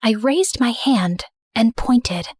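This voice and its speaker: A woman's voice: a little high, lively intonation, slow pace, a little mellow, breathy edge, no room sound, studio quality. Woman narrating a dramatic story. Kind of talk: scripted first-person story narration.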